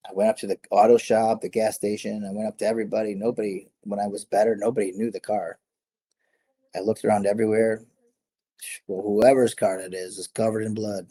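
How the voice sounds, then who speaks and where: A middle-aged man, a former fighter, tells stories in a loose, rambling way, often correcting himself and laughing. His voice sits low and sounds husky. His tone stays dark and mellow. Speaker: guest, former MMA fighter. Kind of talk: casual storytelling interview.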